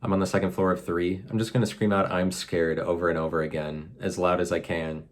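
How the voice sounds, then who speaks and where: A man's voice: low-pitched, flat delivery, quick pace. A man hosting a solo podcast from his apartment, musing aloud in a rambling, self-mocking way full of fillers. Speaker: podcast host. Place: apartment room.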